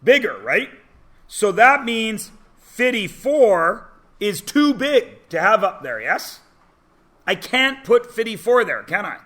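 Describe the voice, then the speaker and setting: A man teaches a math lesson to a classroom of students. His voice sits high and sounds bright and forceful. He teases the students and keeps asking them quick check-in questions. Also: very animated. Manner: teasing, chatty, asks rhetorical questions.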